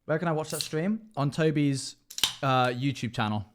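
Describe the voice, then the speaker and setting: A man's voice: on the high side, normal speed, noisy background. A man streaming live as a dungeon master, chatting emotionally and rambling as he reacts to chat. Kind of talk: casual livestream chat.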